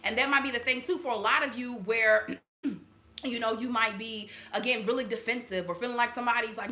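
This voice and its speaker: A woman's voice: on the high side, fairly even intonation, brisk, pushed and bright, echoey room. A woman hosting her channel and giving a casual spiritual reading to viewers, talking bluntly and swearing freely between laughs. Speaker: intuitive reader and channel host.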